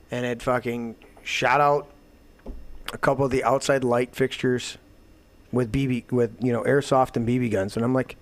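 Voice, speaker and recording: A man hosting a talk show, delivering a heated, profane political rant that swings into loud outbursts. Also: mid-range voice. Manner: profane, emphatic, swings to shouting. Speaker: show host.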